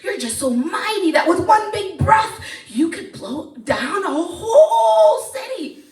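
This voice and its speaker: A woman's voice: extremely high pitch, big pitch swings, takes it slowly, voice pushed up, heavily acted. A woman voicing a bold, clever young princess who sweet-talks and scolds, heard in a roomy hall from a distant mic. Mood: coaxing.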